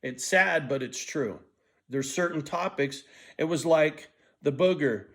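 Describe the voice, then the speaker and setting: A man in his sixties, with a slightly high voice and an unhurried pace, rambles through a profane vlog monologue. He's restless, jumping from thought to thought, stumbling and restarting often.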